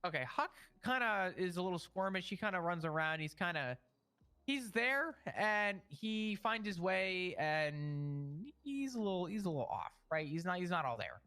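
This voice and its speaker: Brief: man, slightly high, bright voice, rambling profane in-character storyteller. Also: lively intonation, moderate pace, clear, resonant tone. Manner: rambling, profane, stammering retelling. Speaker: roleplay character telling a story.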